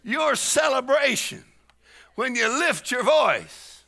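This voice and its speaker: Preacher guy, middle-aged, gravelly and bright, shouts and swoops all over the place. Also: sits high, lively intonation, normal speed. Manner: shouting, exhorting, repetitive call-and-response. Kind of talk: charismatic sermon.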